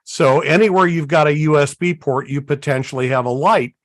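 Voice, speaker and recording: A man co-hosting a live radio-hobby show, walking through gear in a folksy, unhurried way with many fillers. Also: fairly high pitch, dry recording. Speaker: co-host. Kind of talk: casual show-and-tell chat.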